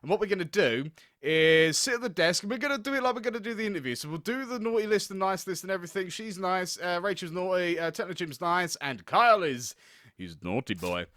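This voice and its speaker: A man's voice: high voice, animated, quick pace, fairly bright tone, no room sound, clean studio sound. A young man hosting a let's play, reading game text aloud and rambling with giggles as he thinks aloud. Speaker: gaming video host.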